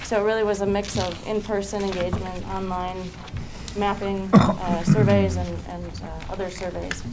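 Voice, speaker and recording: A woman on city planning staff, walking a commission through a plan in a measured, explanatory way with some fillers. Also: medium pitch, little pitch movement, over a noisy crowd. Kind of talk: public meeting presentation. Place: city council chamber. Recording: noisy meeting room recording.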